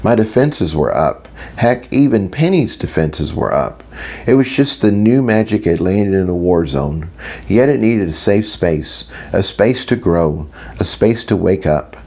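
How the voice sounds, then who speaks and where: A man's voice: deep voice, sing-song, a little slow, warm tone. A man reading a first-person audiobook as a wry, self-mocking inner monologue. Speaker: audiobook narrator.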